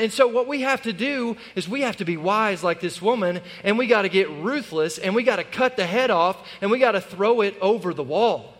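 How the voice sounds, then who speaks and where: A man in his thirties, a pastor preaching a sermon in a church, impassioned and rising to shouts when he exhorts. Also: high voice, expressive, a little fast, hardly any pauses. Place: church sanctuary. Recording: long hall reverb.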